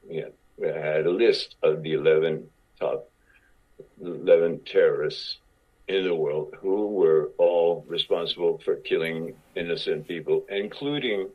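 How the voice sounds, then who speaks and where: A man's voice: deep voice, breathy edge. A man in his sixties telling long stories as a guest in a casual interview, often restarting and repeating words. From Cuba. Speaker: actor guest. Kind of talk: conversational storytelling. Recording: dull lo-fi podcast audio.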